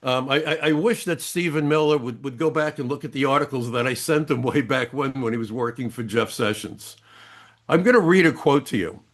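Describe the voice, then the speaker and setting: A man's voice: medium pitch, fairly quick, fairly bright tone. An older man, a retired immigration agent, speaking as an interview guest with blunt, emphatic storytelling.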